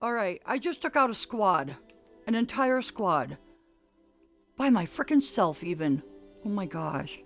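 An older woman livestreaming a game, chatting excitedly and calling out orders to her teammates. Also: mid-range voice, measured pace, pauses often, soft background music. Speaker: gaming streamer. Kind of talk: live gameplay commentary.

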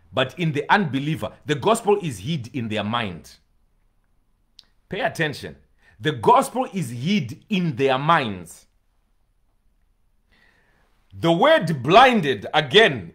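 Male preacher, husky and unhurried, emphatic sermon delivery with repeated words. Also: on the high side, a bit bright. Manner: emphatic, repeats key words, pleading at times.

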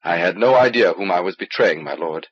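A man voicing a nervous male alien informer who speaks low and hesitantly, on an old cassette recording. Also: animated, brisk, slightly rough, lo-fi sound. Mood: confessing.

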